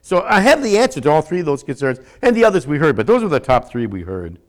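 Fast and high-pitched, with big pitch swings, an older pastor delivers his sermon, shifting from shouts to near-whispers and repeating words to stress them.

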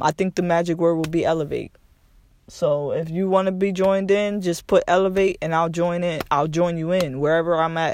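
Young man, podcast host, high voice, dry close sound, repeats himself for emphasis, swears casually. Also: no echo. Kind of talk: casual motivational talk, live stream.

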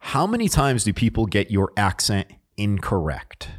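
Male host, very low voice, easygoing and friendly, rambles through questions. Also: big pitch swings, normal speed. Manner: rambling, restarts phrases, friendly. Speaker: podcast host. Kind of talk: casual interview chat.

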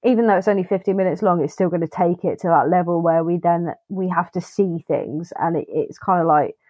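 A woman's voice: fairly low pitch, a little fast, a little mellow, dry recording. A woman co-hosting a podcast, chatting casually about a film, swearing freely and acting out her own reactions in quotes. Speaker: podcast co-host. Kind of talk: casual film review chat. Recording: dull lo-fi dry sound.

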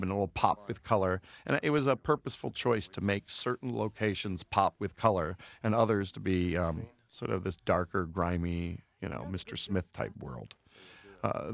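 A man talking through his film as director in a loose, meandering commentary, dropping filler words as he goes. His voice is lowish and gravelly.

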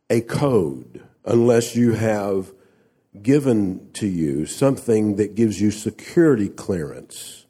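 A man's voice: mid-range voice, warm tone, husky. A man preaching a sermon, speaking emphatically and asking the congregation rhetorical questions. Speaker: pastor.

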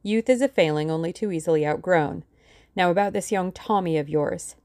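A woman reading as a measured, dry older lawyer. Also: fairly low pitch, a little mellow, no echo, lightly acted. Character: shrewd older male lawyer, calm and commanding.

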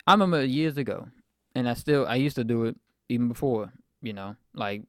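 A twenty-four-year-old podcast host reflects at length on a personal faith story, rambling and using fillers. His medium-pitched voice is fairly quick and fairly bright. The recording is dry and studio quality.

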